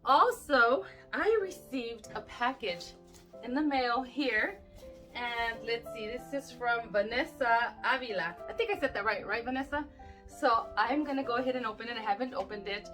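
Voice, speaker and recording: Brief: teary woman vlogger, gushing and exclamatory, slightly high voice, soft music underneath. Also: moderate pace. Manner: gushing, exclaims and gasps often. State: teary-eyed. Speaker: YouTube crafter opening friend mail. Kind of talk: casual vlog chat.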